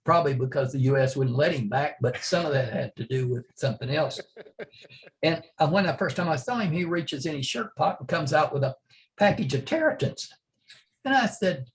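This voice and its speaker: Brief: older male guest from Oklahoma, slightly higher voice, folksy rambling storyteller who chuckles through his anecdotes. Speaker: interview guest, retired drag racer. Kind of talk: casual storytelling.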